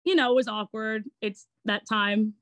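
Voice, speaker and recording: Interview guest: young woman, Long Island accent, bright pitch, dry close sound, chatty and giggly. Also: normal speed, no echo. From Long Island, New York. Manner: chatty and giggly, animated retelling. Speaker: guest, actor and online entertainer. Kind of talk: casual interview chat.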